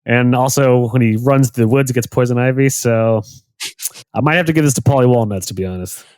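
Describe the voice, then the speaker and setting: A man co-hosting a podcast in casual chat, an animated storyteller who laughs often. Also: medium pitch, brisk, clean tone, dry recording, studio quality. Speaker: podcast co-host. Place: Los Angeles.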